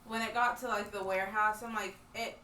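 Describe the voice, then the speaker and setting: A woman's voice: mid-range voice, fairly even intonation, brisk, pushed and bright, a little hiss or hum. A woman co-hosting a book podcast, thinking aloud hesitantly in casual chat. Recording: roomy and distant from the mic with faint ambience.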